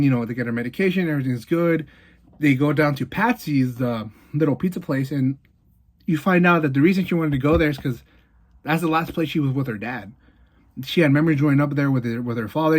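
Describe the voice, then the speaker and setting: A man giving a casual movie review, retelling the plot in an animated way with lots of fillers and quick asides. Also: fairly high pitch.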